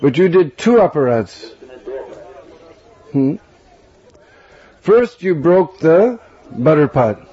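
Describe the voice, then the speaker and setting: A man's voice: a little high, very animated, slow, long pauses, slightly rough, dull audio, exaggerated voice. A man voicing an angry mother scolding her naughty little boy, in a stern, lecturing way.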